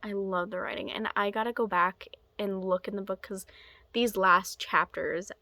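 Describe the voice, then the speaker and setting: A woman's voice: medium pitch, steady tone, moderate pace, sharp tone, dry recording. A young woman chatting casually in a book-review vlog, rambling and dropping into whispered asides. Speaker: book vlogger.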